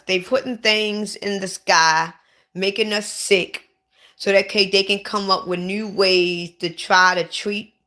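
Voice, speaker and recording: A woman's voice: mid-range voice, pushed and bright. A woman who is sick and lightheaded, talking casually and upset to her livestream viewers, repeating herself and restarting often. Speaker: vlogger.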